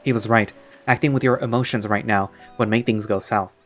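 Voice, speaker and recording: A man's voice: on the low side, fairly even intonation, a little fast, faint music behind. Man narrating a story in second person.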